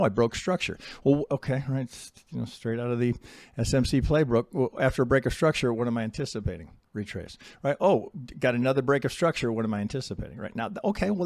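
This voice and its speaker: A middle-aged man casually teaching chart analysis as a trading educator, talking bluntly, swearing and mocking traders in quick put-on voices. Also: medium pitch, animated, darkish tone, dry recording, studio quality.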